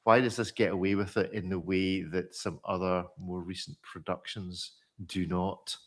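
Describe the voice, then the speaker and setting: A man's voice: low voice, flat delivery, moderate pace, fairly bright tone. A man hosting a live watch panel show, easygoing, asking questions and laughing along with guests. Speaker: host.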